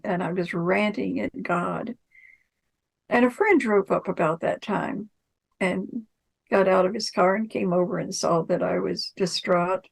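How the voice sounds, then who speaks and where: A woman's voice: mid-range voice, fairly even intonation, measured pace, gravelly, long pauses, darkish tone, low-quality recording. A woman telling a personal story in a chatty, anecdotal way, acting out the dialogue she recounts. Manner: acts out quoted dialogue in conversation. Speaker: storyteller recounting a spiritual experience.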